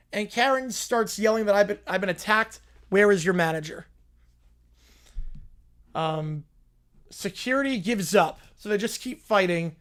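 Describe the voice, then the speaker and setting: Casual male streamer host. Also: sits high. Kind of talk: casual stream reading a story aloud.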